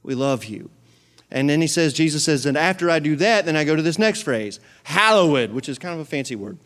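A middle-aged man preaching a sermon, animated and swinging into loud, fervent prayer. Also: on the high side, a little fast. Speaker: pastor.

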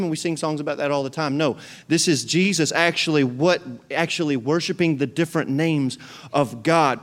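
A middle-aged man preaching a sermon, animated and swinging into loud, fervent prayer. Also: on the high side. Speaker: pastor.

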